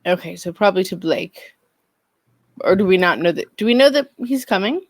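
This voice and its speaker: A woman's voice: mid-range voice, lively intonation, brisk, no echo. A woman playing in a tabletop role-playing game, thoughtfully describing her character's actions. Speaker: player. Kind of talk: tabletop role-play chat.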